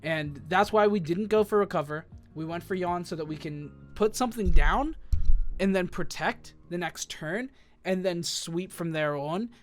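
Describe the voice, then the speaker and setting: A man's voice: sits high, normal speed, faint music behind. A man giving casual, rambling commentary as he builds a competitive team, thinking aloud and correcting himself with lots of fillers.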